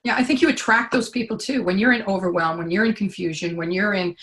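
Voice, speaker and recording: A woman giving a client testimonial in casual conversation, chatty and animated as she tells her stories. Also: mid-range voice, fast, hardly any pauses.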